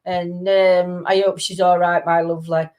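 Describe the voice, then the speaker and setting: A woman's voice: lowish voice, level tone, moderate pace, a little mellow. Chatty woman, casual live chat. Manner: chatty, laughs often, drops "the". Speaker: live stream co-host reading viewer comments.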